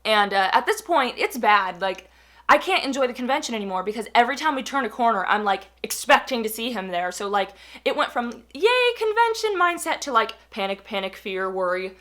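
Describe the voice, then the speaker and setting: A young adult woman briskly tells a personal story in a casual, animated way, her voice medium-pitched. She fills it with fillers and acts out quotes.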